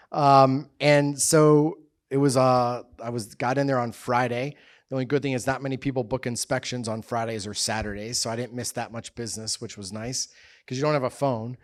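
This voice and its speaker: A man of middle age tells a personal story from a stage in a casual, rambling way. He fills his talk with "like" and "uh" and mocks himself with dry humor. His pitch sits in a plain middle range. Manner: casual storytelling with self-mocking humor and many fillers. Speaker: business summit speaker. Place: event stage before an audience.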